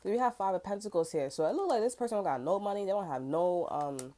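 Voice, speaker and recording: A woman's voice: mid-range voice, expressive, fast talker, warm tone. A young woman giving a rambling, casual tarot reading, frank and full of fillers. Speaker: tarot reader.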